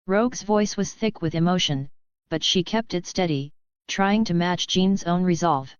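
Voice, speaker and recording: A woman narrating an audiobook in an even, measured way. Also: fairly low pitch, clean tone, dry recording. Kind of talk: scripted narration. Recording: dull, dry sound.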